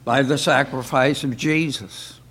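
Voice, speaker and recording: A man with a mid-range, fairly bright voice and a breathy edge teaches an informal church Bible class, keeping a steady tone and an unhurried pace. His style is folksy, full of rhetorical questions.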